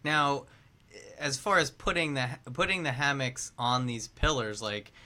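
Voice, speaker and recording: A man's voice: mid-range voice, expressive, unhurried, sharp tone. A man hosting a podcast, asking curious questions in a playful, joking way. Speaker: podcast host. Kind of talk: casual podcast interview.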